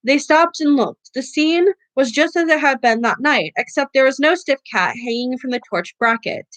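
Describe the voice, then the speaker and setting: A woman reads a novel aloud for a book club in a high voice. She stumbles and restarts words often, and the sound is close and dry. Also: a bit bright, no room sound. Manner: halting, with frequent restarts.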